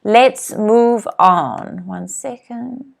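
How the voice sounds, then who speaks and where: Casting: woman, English teacher, unhurried, careful delivery, drills vocabulary for viewers to repeat on a live stream. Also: on the high side. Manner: slow, clear teacher's voice, drills words for repeating. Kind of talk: live online English lesson.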